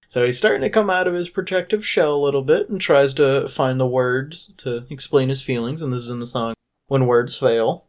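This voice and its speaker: A man's voice: medium pitch, moderate pace. Guy on a podcast retelling a musical, casual chat, does little voices for the characters. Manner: animated retelling, mimics characters' lines. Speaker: podcast host.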